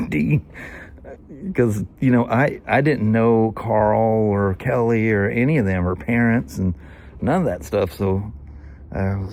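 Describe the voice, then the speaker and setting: A man's voice: fairly low pitch, takes it slowly, darkish tone, a little hiss or hum. A man in his sixties with a Southern US accent, telling a long, rambling story in casual vlog chat, full of "you know" and "anyway". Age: 60s. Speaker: vlogger.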